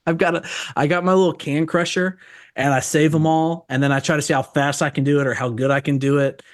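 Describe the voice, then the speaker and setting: Podcast guest, male, slightly high voice, rambling and profane, voice jumps for quotes. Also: fairly even intonation. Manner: rambling storyteller, profane, quick voice jumps when quoting himself. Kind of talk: casual chat.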